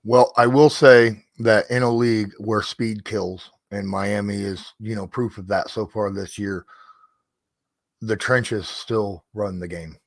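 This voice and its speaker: A man's voice: lowish voice, fairly even intonation, slow pace, no room sound. A man hosting a sports podcast, talking casually and working through game stats. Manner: stat-heavy, conversational. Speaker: podcast host.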